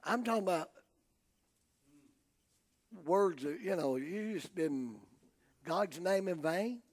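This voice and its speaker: An older man with a Southern US accent preaching a sermon, telling folksy stories and swinging from hushed tones to shouting. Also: sits high, animated, slow. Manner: folksy storytelling.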